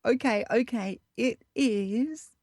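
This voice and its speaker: A woman's voice: on the high side, slow, darkish tone, no room sound, studio quality. A woman who is the show's correspondent, hosting a casual podcast segment and reading quirky facts aloud in an upbeat way. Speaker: show correspondent.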